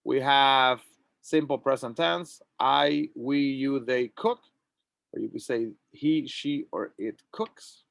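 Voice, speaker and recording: Slow, gravelly male English teacher. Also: medium pitch, fairly bright tone, no echo. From Latin America. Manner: slow, drawn-out model sentences. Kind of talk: classroom grammar lesson.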